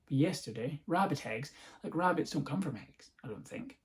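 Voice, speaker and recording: A man's voice: fairly high pitch, animated, normal speed. A man hosting a podcast, rambling through a casual comic monologue, sarcastic and swearing freely. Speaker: podcast host.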